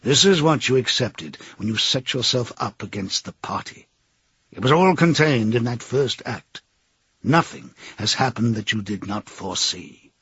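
A man reading the part of a cold, menacing middle-aged interrogator who speaks slowly and deliberately. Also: mid-range voice, expressive, fairly bright tone, slightly rough, dry recording, highs cut off, full character voice.

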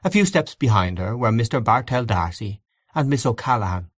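A man narrating a story aloud in a measured, expressive audiobook reading. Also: medium pitch, dry recording, clean studio sound.

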